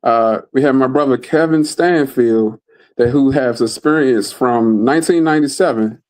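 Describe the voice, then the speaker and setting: A man's voice: mid-range voice, moderate pace, darkish tone. Male podcast host, casual and enthusiastic, mid-range voice, remote call. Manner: enthusiastic, repeats words and phrases. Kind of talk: casual chat.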